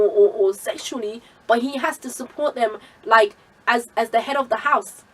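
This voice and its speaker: Woman, casual devotional speaker, storytelling with asides, slightly high voice, mic a bit distant. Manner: conversational storytelling with many asides. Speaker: Christian vlogger sharing a Bible message. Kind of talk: informal Bible teaching.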